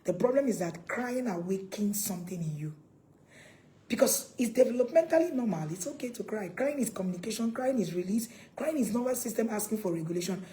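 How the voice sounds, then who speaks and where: A woman's voice: mid-range voice, expressive, a little fast, mellow, low-quality recording. A woman giving a live parenting talk, emphatic and repeating her questions to viewers. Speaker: parenting coach.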